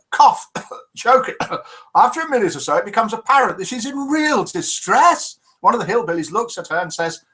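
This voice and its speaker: A man hosts a live chat show, reading out viewers' comments one after another and telling jokes. His voice sits a little high for a man, and his manner is chatty and teasing. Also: bright, forceful tone.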